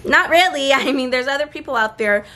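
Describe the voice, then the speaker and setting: A young woman with a high, sharp voice gives encouraging speaking tips in a casual vlog. Seagulls can be heard as she records outdoors, and she's earnest throughout, slowing for emphasis as she talks about confidence.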